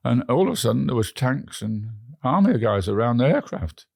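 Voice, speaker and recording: A man's voice: medium pitch, sing-song, moderate pace, gravelly, a little mellow, dry recording, clean studio sound. A man with an English accent, a guest telling rambling travel stories in an interview, often restarting his words. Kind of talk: anecdotal storytelling.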